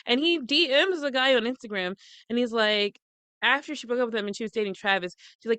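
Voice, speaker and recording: A middle-aged woman co-hosts a gossip podcast in a smooth, clear voice on a dry close mic. She is wry, laughs easily and swears freely. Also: on the high side, animated, fast talker, fairly bright tone, no room sound. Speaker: podcast co-host. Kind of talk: casual gossip chat.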